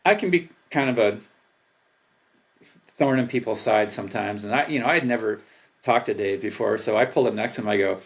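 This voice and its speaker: An older man, a former pro triathlete, telling stories in a casual interview, animated and laughing, acting out his past thoughts. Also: on the low side, fairly quick, pauses often. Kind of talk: casual storytelling.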